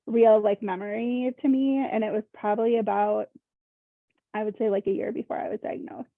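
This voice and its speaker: Over tinny, phone-like call audio, a young woman from Minnesota at a workshop talks casually about herself, halting and groping for words with lots of "like." Her voice runs on the high side, gravelly and steady, at a moderate pace in a dry recording.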